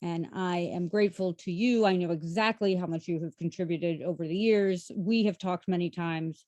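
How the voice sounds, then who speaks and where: Casting: woman on a video call, halting and tearful award presenter, dry close sound. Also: fairly low pitch, mellow, no echo. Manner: halting, tearful, many fillers. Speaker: award presenter, synagogue librarian. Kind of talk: emotional online event remarks.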